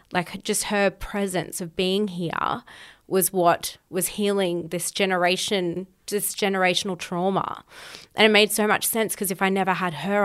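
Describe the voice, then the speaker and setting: A woman's voice: on the low side, a bit bright, clear, resonant tone. A woman podcast host telling a personal story in an emphatic, candid way, swearing freely.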